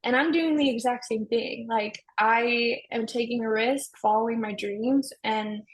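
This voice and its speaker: A woman's voice: fairly high pitch, unhurried, low-quality recording. A young woman guest on a podcast, talking casually with many "like"s and frequent laughter. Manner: chatty, lots of "like", laughs often. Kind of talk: casual chat.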